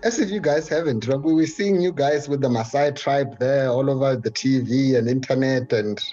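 A man's voice: medium pitch, normal speed, warm tone, lo-fi sound, faint music behind. A man from South Africa, a guest poet joining remotely, easygoing and chuckling in casual chat. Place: Johannesburg, remote.

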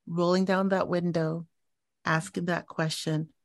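A woman hosting a faith interview, affirming her guest and reflecting on what was said with slow emphasis. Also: lowish voice, flat delivery, dry recording, clean studio sound. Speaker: interview host. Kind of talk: faith talk show interview.

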